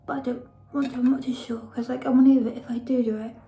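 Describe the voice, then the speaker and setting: A woman's voice: sits high, flat delivery, quick pace, dark tone, slightly rough, rough recording. A young woman chatting casually in a vlog, rambling and often dropping into a whisper. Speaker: vlogger. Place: at home and outdoors. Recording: background noise.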